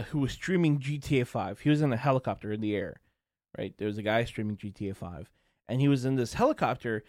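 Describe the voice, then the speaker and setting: A man's voice: medium pitch, dry recording, studio quality. A young man hosting a podcast, ranting casually and crudely, laughing often and acting out quoted people in raised voices. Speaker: podcast host. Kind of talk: casual solo rant.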